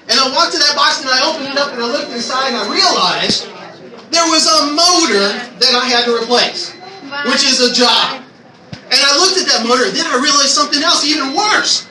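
A man sharing a personal testimony in church, telling his story in an animated way and acting out his own prayers. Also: very high-pitched, brisk, crowd noise. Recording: echoey room from far off, noisy ambience.

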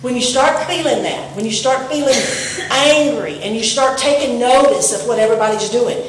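A woman preaching a sermon to her congregation, animated and asking them questions. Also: fairly high pitch, normal speed, a little hiss or hum. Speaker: pastor. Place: church sanctuary. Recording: echoey room, voice from a distance.

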